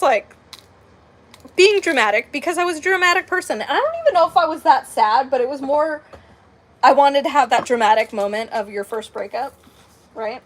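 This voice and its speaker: A woman in her late twenties telling a personal story in casual, rambling chat, full of "like" and "um". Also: high-pitched. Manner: rambling, heavy on "like" and "um", with animated quoted dialogue. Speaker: crafting channel host.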